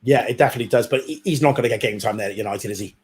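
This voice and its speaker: A man's voice: lowish voice, rapid-fire. A man co-hosting a football watchalong, easygoing and agreeable, with some teasing banter. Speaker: watchalong co-host.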